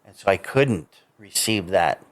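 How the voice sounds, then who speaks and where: A man's voice: low voice, animated, unhurried. A man hosting a podcast, speaking in casual chat with affirming responses. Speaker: podcast host.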